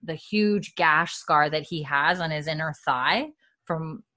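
Woman with a lowish voice, chatty episode recap, tons of "like" and "you know". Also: slow, sharp tone. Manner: breezy retelling, many fillers like "you know" and "like". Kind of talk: casual chat recapping a TV episode.

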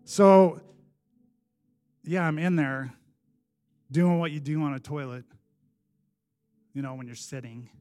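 A man with a high voice tells his story from the pulpit at an unhurried, deliberate pace. He is animated and self-deprecating, jumping from loud outbursts down to quiet, hushed asides. Faint music plays underneath. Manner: self-deprecating, laughs at himself. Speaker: preacher giving a testimony. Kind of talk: personal testimony sermon.

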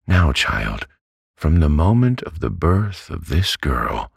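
A man's voice: rumbling low, sing-song, slow pace, creaky, breathy edge, dry recording, clean studio sound, voice pushed up, heavily acted. A man doing a stern, bossy elderly aunt. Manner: curt, commanding, impatient. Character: stern, brisk elderly aunt, domineering and abrupt.

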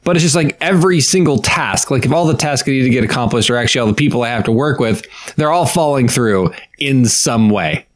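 A man's voice: medium pitch, animated, brisk, hardly any pauses. A man in his thirties co-hosting a casual podcast, venting with exasperated sarcasm and bursts of laughter. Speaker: podcast co-host. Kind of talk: casual chat.

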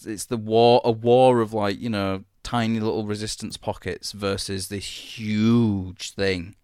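A man with a somewhat low voice talks through a TV series in casual podcast chat. He rambles enthusiastically and swears freely. The sound is dry and close, with no room in it. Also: little pitch movement, measured pace, darkish tone, smooth, no room sound. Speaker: podcast co-host.

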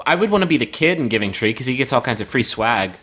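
A man's voice: mid-range voice, big pitch swings, fairly bright tone, slightly rough. A man co-hosting a comedy podcast, riffing goofily in casual banter and laughing easily. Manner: goofy, riffing, quick to laugh. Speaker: podcast co-host.

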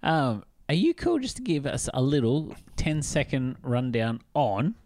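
A man hosting a casual podcast, eager and quick to agree. He steers the talk in an even, mid-range voice. The recording is dry and close. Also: medium pitch, dry recording. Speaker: podcast host. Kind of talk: casual chat.

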